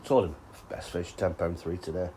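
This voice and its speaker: A man's voice: low voice, fairly even intonation, moderate pace, warm tone, a little hiss or hum, poor audio. A man chatting casually outdoors by a fishing lake, with sweary, teasing banter. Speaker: angler and vlog host. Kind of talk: casual chat.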